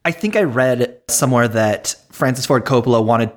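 A podcast co-host chatting casually about a film, animated, often restarting sentences and laughing. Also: mid-range voice, moderate pace.

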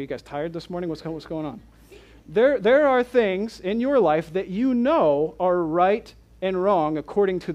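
Animated man preaching to a congregation. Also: sits high. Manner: animated, rhetorical questions to the congregation. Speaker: pastor. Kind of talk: expository sermon.

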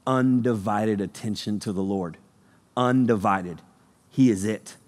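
Energetic preacher man in a reverberant hall. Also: fairly low pitch. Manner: energetic, jokey, swings between loud and hushed. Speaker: youth pastor. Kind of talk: sermon. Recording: long reverb of a large hall.

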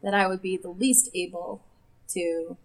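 A woman's voice: on the low side, steady tone, a little slow, low-quality recording. Chatty woman player, giggly. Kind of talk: casual chat in a tabletop game.

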